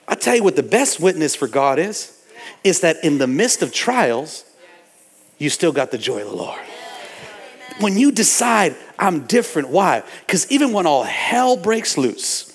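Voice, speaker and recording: A man's voice: high-pitched, big pitch swings, normal speed, creaky, slightly rough, in a large hall. A male pastor delivering a sermon in church, preaching emphatically with repetition and calls to the congregation. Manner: emphatic preaching with repetition and audience call-outs. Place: church sanctuary.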